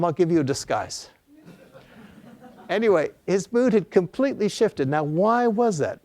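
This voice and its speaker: A man's voice: a little high, vocal fry, a little mellow, no room sound. An older man giving a talk as an author, telling an anecdote in a storytelling lecture style with frequent fillers and restarts.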